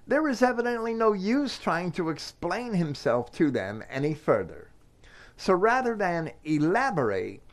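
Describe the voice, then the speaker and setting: Guy reading and explaining bible verses, lots of up and down in his voice. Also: a little high. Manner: measured, reads scripture aloud with emphasis. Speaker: Bible teacher. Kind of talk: scripture commentary reading.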